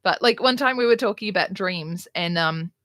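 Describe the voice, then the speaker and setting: A woman's voice: medium pitch, moderate pace, a bit bright, no room sound, studio quality. Blunt, sarcastic woman streaming. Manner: blunt, sarcastic, candid, swears freely. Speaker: livestream host. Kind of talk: casual livestream chat.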